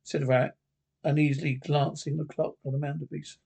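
Gravelly man reading a storybook aloud. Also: on the high side, flat delivery, fairly quick, warm tone. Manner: unpolished reading with frequent slips and restarts. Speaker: narrator.

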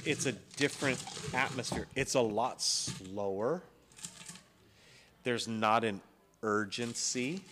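A man with a Californian accent, hosting a podcast in casual, relaxed chat and joking along. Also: medium pitch, a little hiss or hum. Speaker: podcast host.

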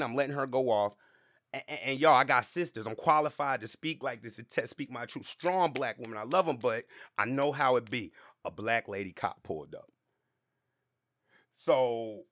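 Brief: male podcast host, easygoing slangy storyteller, mid-pitched voice, dry close sound. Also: fairly bright tone, no echo. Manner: laid-back, slangy, repeats fillers and asides to the listener. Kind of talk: casual storytelling monologue.

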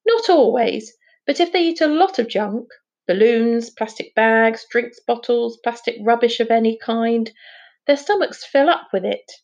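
Woman doing a rambly old professor guy, lectures everybody, a bit high, muffled recording. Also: expressive, unhurried, darkish tone. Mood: explaining. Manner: fussy, explanatory, drifts off mid-thought. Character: absent-minded older male professor, lecturing and rambling.

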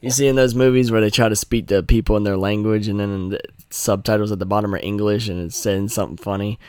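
Low-voiced man. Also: steady tone, fast, darkish tone, clear, resonant tone, dry recording, studio quality. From North Carolina. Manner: rambling, profane, joking. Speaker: podcast host. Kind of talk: casual chat.

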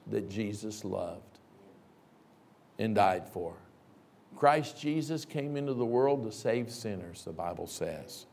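Lively middle-aged man preaching a sermon. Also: medium pitch. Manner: animated, acts out voices and shouts in stories. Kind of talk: sermon with storytelling.

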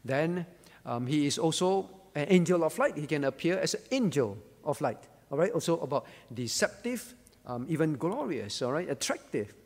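A man teaches scripture to a group, stopping often to ask questions and call on people by name. His voice sits fairly high for a man. The sound carries a long reverb, as in a large hall. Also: big pitch swings, moderate pace. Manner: asks questions and calls on listeners by name, repeats key words. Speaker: pastor. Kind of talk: interactive Bible teaching.

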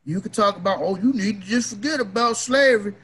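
Emphatic, profane man with a bright voice. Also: high-pitched, fast, slightly rough, rough recording. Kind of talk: casual opinion rant.

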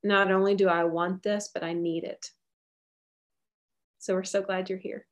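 A woman's voice: medium pitch, flat delivery, unhurried. A woman giving an earnest, encouraging faith talk on soul care and answering questions, often repeating her key phrases. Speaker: guest speaker on soul care. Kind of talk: faith teaching with Q&A.

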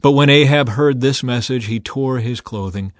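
Measured male scripture reader, dry sound. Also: dry recording. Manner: measured, quotes read a little higher and louder. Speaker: Bible reader.

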